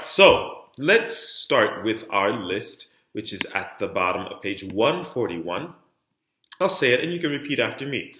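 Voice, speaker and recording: A middle-aged man teaching French pronunciation. He calls out each drill word with strong emphasis and then explains the rules in a quieter voice. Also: lowish voice. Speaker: diction teacher. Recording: roomy echo.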